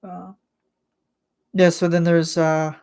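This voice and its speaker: A woman chatting casually to her channel in a lowish voice. She talks slowly and rambles, with plenty of filler words and quick laughs. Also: level tone, warm tone, clear, resonant tone. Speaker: channel host. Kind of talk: casual monthly chat vlog.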